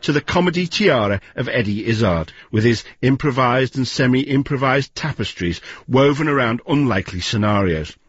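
A man presenting a radio documentary in a measured, wry scripted narration. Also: mid-range voice, lively intonation, breathy edge, dry recording, highs cut off.

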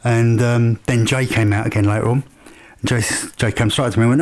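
A man tells a long story in a casual, excited way. He wanders off track and fills the gaps with ums and uhs. His voice sits at an ordinary middle pitch. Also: brisk. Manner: chatty, enthusiastic, rambling with fillers. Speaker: vlogger.

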